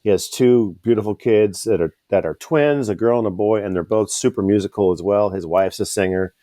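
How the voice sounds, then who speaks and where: Casting: low, mellow-voiced man, rambling casual storyteller, curses a lot, dry close sound. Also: a little fast, no room sound. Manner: rambling storyteller, swears freely. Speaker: band member and podcast co-host. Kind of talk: casual podcast chat.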